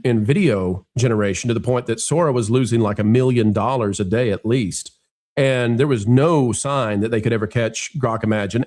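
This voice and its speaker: A man hosting an entertainment news show, talking in an emphatic, wry way with quick asides. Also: mid-range voice, darkish tone. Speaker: show host. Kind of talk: animated news commentary chat.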